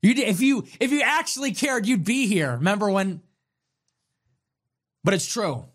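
A man hosting a livestream, ranting in a sarcastic, mocking, taunting way. He jumps between loud, high outbursts and low grumbles. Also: lively intonation, moderate pace. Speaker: livestream host.

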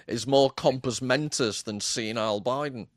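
A man's voice: mid-range voice, moderate pace, no room sound, studio quality. A man co-hosting a casual chat, teasing and wry in manner.

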